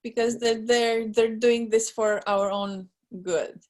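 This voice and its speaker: A woman hosting a podcast interview, friendly and quick to laugh. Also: a little high, fairly even intonation, a little mellow. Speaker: podcast host. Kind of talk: casual interview chat.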